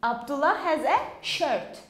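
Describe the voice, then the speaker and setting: Woman, English teacher, slow and patient, repeats words, echoey classroom, faint background noise. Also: high-pitched, sing-song. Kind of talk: classroom language lesson. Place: classroom with students.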